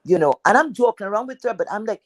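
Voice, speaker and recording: A woman with a deep, heavy voice telling a personal story in a chatty, rambling way, full of fillers. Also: lively intonation, fast, background noise.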